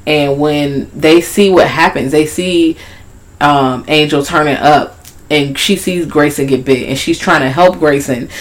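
Woman with a low voice, swearing a lot, chatty and animated as she recaps a show. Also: measured pace. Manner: profane, animated, acts out characters. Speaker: podcast co-host. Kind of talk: casual recap chat.

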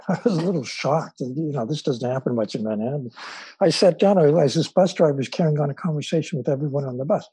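A man who is a psychologist and author, a guest on an interview podcast, telling stories thoughtfully with frequent filler pauses. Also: fairly high pitch, dark tone, slightly rough, no echo, poor audio. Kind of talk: relaxed storytelling in conversation.

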